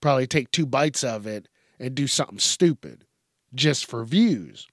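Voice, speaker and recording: A man's voice: medium pitch, expressive, normal speed, no room sound, studio quality. A man hosting a casual news podcast, rambling and swearing with lots of fillers, talking at a microphone on a stand. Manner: rambling, profane, frequent fillers. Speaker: podcast host. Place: home studio with a mic stand.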